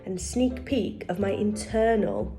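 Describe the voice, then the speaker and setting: Mellow-voiced woman vlogging at home. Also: mid-range voice, big pitch swings, measured pace, soft background music. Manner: chatty, upbeat, addresses viewers directly. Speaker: lifestyle vlogger. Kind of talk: casual home-tour vlog. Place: indoors in her apartment.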